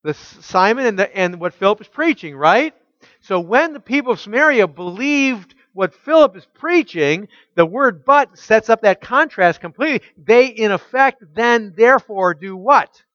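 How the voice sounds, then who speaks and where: A man preaching a teaching sermon, asking his listeners rhetorical questions and reading scripture aloud slowly with emphasis. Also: high-pitched, animated, fairly bright tone, no echo, highs cut off. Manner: asks the congregation rhetorical questions. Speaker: pastor.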